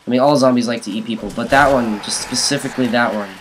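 Young male YouTuber, let's play commentary, jokey and excitable, shouty, slight noise on the recording. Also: medium pitch, fast, low-quality recording. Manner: excitable, yelling at enemies, jokey asides. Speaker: gaming YouTuber.

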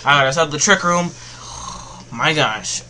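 A young man giving rambling live commentary on his own game, full of fillers, sliding between glum mutters and excited yells. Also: on the high side, measured pace, a little hiss or hum. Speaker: gaming commentator.

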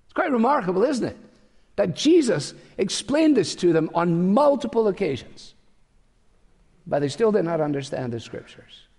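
An older man delivers a sermon in a slightly high voice, conversational and dryly humorous. The sound carries a long echo from a large church hall. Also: sing-song, normal speed, darkish tone, husky. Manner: conversational preaching with wry humorous asides. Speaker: pastor.

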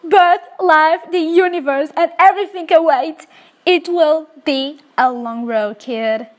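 A young woman with a high voice, whose first language is Korean, talks through a life-sim game. She speaks slowly, with lots of ums and uhs, and gushes over every moment. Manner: excitable, gushing, many fillers. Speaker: let's play host. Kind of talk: casual gameplay commentary.

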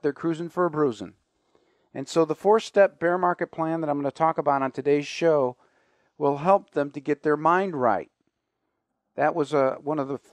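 Male radio host, slightly high voice, dry studio sound, chatty finance talk with asides. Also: dry recording. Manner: chatty, conversational, with fillers and asides.

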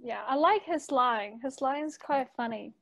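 High-voiced, giggly woman podcast co-host. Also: normal speed, vocal fry, fairly bright tone, no room sound. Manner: giggly, chatty, with frequent restarts. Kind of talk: casual chat.

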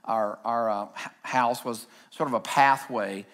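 A man pastor preaching a sermon, reading scripture and telling animated stories with shouted asides. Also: medium pitch, unhurried. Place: church stage.

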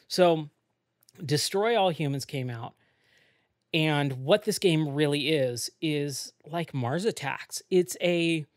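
A podcast host talks on their own in an easygoing, rambling way. They trail into fillers and restart their sentences often. The voice sits at a middle pitch, and the close mic sounds completely dry. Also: no echo. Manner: rambling, with frequent fillers and self-corrections. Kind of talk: casual solo podcast talk.

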